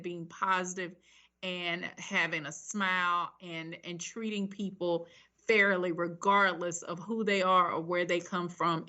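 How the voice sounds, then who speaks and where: A woman's voice: fairly low pitch, sharp tone, dull audio. A woman hosting an interview, speaking in an affirming, encouraging way. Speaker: interview host. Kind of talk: interview conversation.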